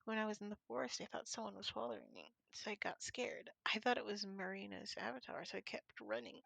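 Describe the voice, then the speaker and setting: A woman voicing a small remorseful boy, reading softly and haltingly. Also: mid-range voice, huge pitch swings, vocal fry, no echo, exaggerated voice.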